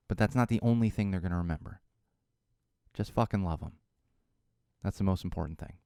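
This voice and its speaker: A man hosting his own podcast, talking solo in an animated, ranting way and mocking other people's voices. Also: lowish voice, no echo, clean studio sound. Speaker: podcast host.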